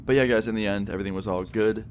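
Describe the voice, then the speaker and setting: A man in his twenties telling a casual storytime vlog in a relaxed, loose way with lots of fillers. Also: lowish voice, racing, slight background noise. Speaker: storytime vlogger.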